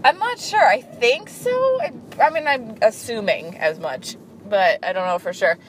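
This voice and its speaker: A woman talks casually to the camera in a middle-pitched voice. She is chatty and fills her sentences with "like," often stopping and starting over mid-thought. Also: animated, normal speed, slight background noise. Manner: chatty, peppered with "like", frequent restarts. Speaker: vlogger. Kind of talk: casual chat.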